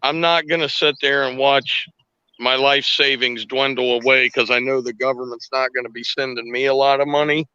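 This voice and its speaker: A man's voice: medium pitch, steady tone, moderate pace, pushed and bright, clean tone, dry recording. A man from Ohio joining a casual chat as a guest, blunt and matter-of-fact. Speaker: call-in guest. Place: out on a work job. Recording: dull dry call audio.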